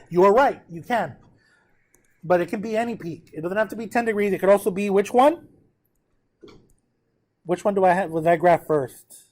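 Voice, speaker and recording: A man's voice: high-pitched, normal speed. A man teaching a math lesson, working through a graph step by step, counting aloud and addressing his students directly.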